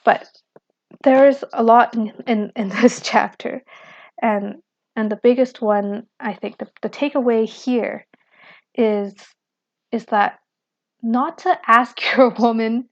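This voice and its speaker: A woman reading from a book and reflecting on it in an earnest, unhurried way, often asking "right?" and adding "you know". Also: a little high, steady tone, muffled recording. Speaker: book commentator.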